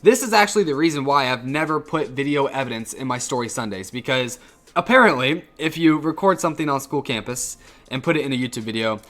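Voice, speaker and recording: A teenage boy rattles quickly through a story from school in a casual vlog. He rambles, swears freely and restarts his sentences often, at a middle pitch for a man. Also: expressive, a bit bright. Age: teens. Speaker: YouTuber and high school student.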